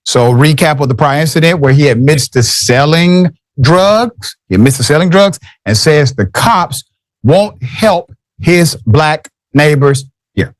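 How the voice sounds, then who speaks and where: A man's voice: on the high side, lively intonation, a little slow, no room sound. Dry-toned radio host man, emphatic. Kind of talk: radio talk commentary. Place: radio studio. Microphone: studio microphone.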